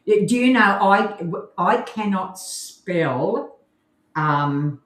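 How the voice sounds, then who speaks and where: A woman's voice: medium pitch, animated, drawn-out words. An Australian woman co-hosting a casual podcast, chatty and rambling, laughing often. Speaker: co-host. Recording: echoey room.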